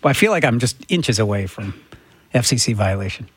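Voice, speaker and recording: A man's voice: medium pitch, fairly quick, husky. A man hosting a morning radio show, chatting casually and jokingly with listeners and crew at a studio microphone. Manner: relaxed, jokey, thanks listeners and crew by name. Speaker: radio host.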